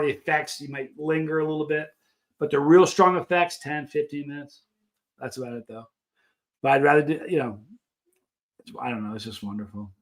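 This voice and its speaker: A man hosts a casual livestream, rambling and chatting straight to his viewers. His voice sits a bit higher than most men's. He talks loosely, in loose, easygoing chat. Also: fairly bright tone. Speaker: livestream host.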